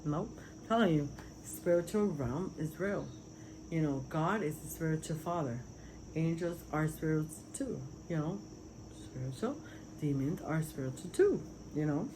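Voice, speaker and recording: Her voice sits low and unhurried against a noisy background as this Puerto Rican vlogger talks through her spiritual visions. It's a casual, sincere testimony that rambles, full of fillers.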